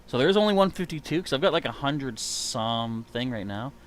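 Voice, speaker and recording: A man's voice: mid-range voice, lively intonation, brisk. A man streaming a game live, joking and mock-outraged at it as he plays. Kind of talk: casual live gaming commentary.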